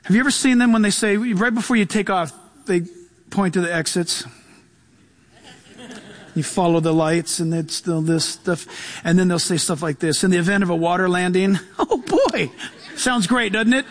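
A man's voice: high-pitched, moderate pace. A male pastor giving a sermon, telling stories with humor and laughing often.

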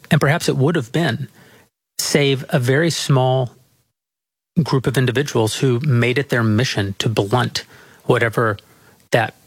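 A man interviewing, speaking in a measured, halting way and often repeating words. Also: mid-range voice, husky, dry recording. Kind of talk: reflective interview talk.

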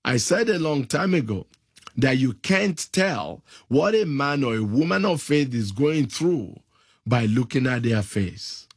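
A man preaching a sermon, slow and emphatic, stretching out key phrases. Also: mid-range voice, expressive, breathy edge, no echo, clean studio sound.

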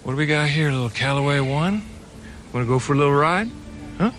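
A man's voice: a little high, lively intonation, brisk, close to an everyday voice. A man playing a goofy, self-absorbed golfer. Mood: coaxing. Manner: coaxing, goofy, talks to his golf ball. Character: self-absorbed washed-up male pro golfer. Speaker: actor in comedy series. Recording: series clip with loud music behind.

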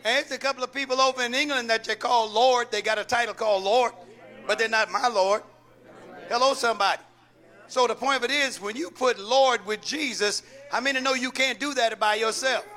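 A pastor with an extremely high-pitched, sharp-toned voice preaches a call-and-response sermon. He calls out questions for the congregation to answer and repeats key lines.

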